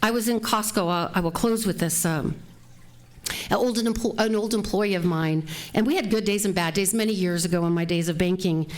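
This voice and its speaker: A woman's voice: mid-range voice, a little fast. A woman minister giving a heartfelt, earnest and direct sermon, recorded live at a spiritual center.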